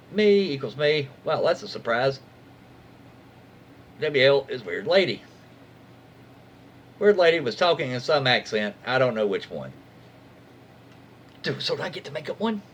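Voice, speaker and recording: A man reads internet stories aloud in a slightly high, very lively voice. He keeps it casual, breaking off to react and comment on what he reads. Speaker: reddit story reader. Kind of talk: casual story reading.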